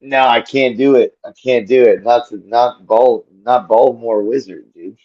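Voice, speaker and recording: A man's voice: medium pitch, fairly even intonation, moderate pace, darkish tone. A man playing a tabletop game in casual role-play chat, blunt and laid-back. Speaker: player. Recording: dull lo-fi mic.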